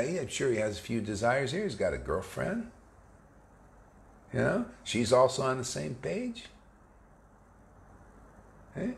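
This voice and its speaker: Animated man giving a casual sermon. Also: a little high. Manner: animated, mocking, acts out quoted voices; slangy, conversational. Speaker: spiritual teacher. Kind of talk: informal sermon to devotees.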